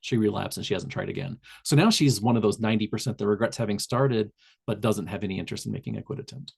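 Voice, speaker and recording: Talking fast and very animated, this Southern Indiana man leads a public health webinar on a video call in a fairly low, creaky, husky voice. His speech is loose and full of fillers and restarts.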